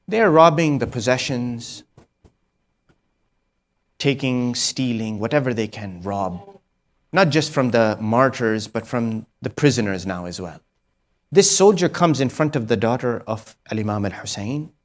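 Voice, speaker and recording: A man preaching a mourning sermon, telling a grave story to a gathering. He speaks mostly low and hushed, checks on his listeners with a questioning "hmm?", and now and then lifts his voice to a loud peak. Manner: storytelling with frequent "hmm?" prompts to the audience.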